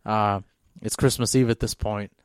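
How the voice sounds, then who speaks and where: A man co-hosting a podcast winds through a long story in a casual, rambling way, full of fillers and restarts. His voice is lowish, clear, and resonant with fairly even intonation at normal speed, recorded at studio quality with no room sound.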